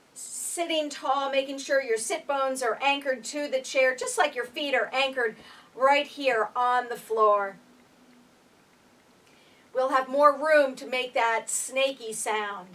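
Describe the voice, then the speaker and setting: A woman instructor calmly leading a guided chair breathing exercise, counting breaths aloud with gentle instructions. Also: high-pitched. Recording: voice picked up from a distance.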